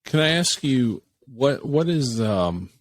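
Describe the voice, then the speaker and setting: A man's voice: medium pitch, very animated, slow pace, no room sound. A man hosting a podcast interview, rephrasing his question several times as he searches for the words. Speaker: podcast host. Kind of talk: casual interview chat.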